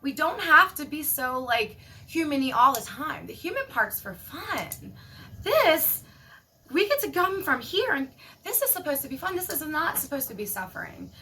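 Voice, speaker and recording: A woman giving a casual spiritual monologue, animated and emphatic, swearing casually. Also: high voice, normal speed, slight background noise. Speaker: spiritual vlogger.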